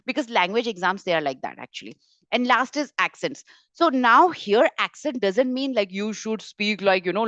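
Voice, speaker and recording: A woman's voice: on the high side, fairly bright tone, no echo. Chatty woman teacher on a dull webinar mic. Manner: chatty, direct, addresses viewers as guys. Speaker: French teacher hosting a webinar. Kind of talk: casual online teaching. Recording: dull, dry lo-fi webinar audio.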